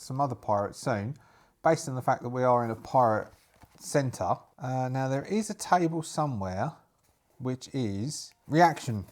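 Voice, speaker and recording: A man's voice: fairly high pitch, darkish tone. A man narrating a solo tabletop game in a rambling, self-amused way, restarting often.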